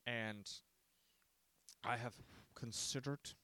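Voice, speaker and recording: A man's voice: medium pitch, steady tone, drawn-out words, sharp tone, clear, resonant tone, no echo. Solo podcast host, male, dry close sound, loose rambling delivery with profane jokes. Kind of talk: casual solo podcast chat.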